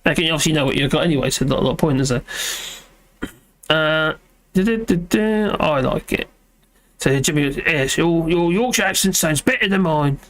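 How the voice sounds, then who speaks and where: Man with a fairly high voice, hosting a live chat from home; rambly, self-deprecating, lots of ums. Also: animated, normal speed, fairly bright tone. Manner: rambling, self-deprecating, many fillers and restarts. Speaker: livestream host reading chat.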